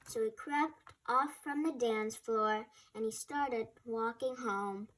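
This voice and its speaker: A woman reads a rhyming picture book aloud in a lively, casual way, slipping in her own remarks between verses. Her voice sits a little high, and she goes slowly with few pauses.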